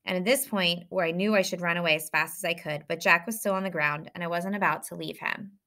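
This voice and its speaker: A woman reads a novel aloud in a bright, sharp-edged voice pitched a little low for a woman. Her first-person storytelling is lively and well paced. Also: fast talker. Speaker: audiobook reader.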